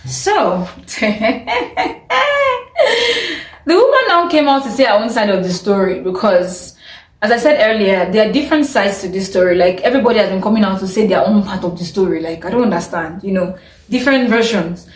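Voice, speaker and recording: A woman's voice: medium pitch, lively intonation, fairly quick, echoey room, low-quality recording. A woman vlogging her opinions in a chatty, opinionated way, often breaking into laughter. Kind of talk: casual opinion vlog.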